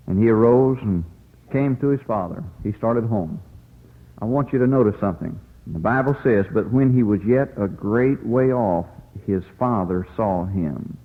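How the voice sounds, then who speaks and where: A man's voice: lowish voice, long reverb tail, narrow, tinny audio. A man preaching a revival sermon in a folksy, pleading way, telling the story dramatically as an evangelist.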